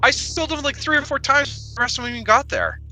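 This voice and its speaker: A man's voice: very high-pitched, huge pitch swings, fast, sharp tone, faint music behind. A man chatting brashly and profanely with his team in a gaming voice chat. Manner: brash and profane, laughs at his own stories.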